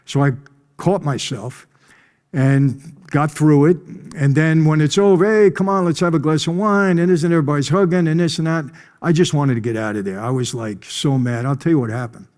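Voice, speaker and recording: Male speaker, warm, dark voice, emphatic storytelling at a conference, clears his throat often. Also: a little high, fairly even intonation, moderate pace, big-room sound. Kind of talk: personal storytelling talk. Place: conference stage.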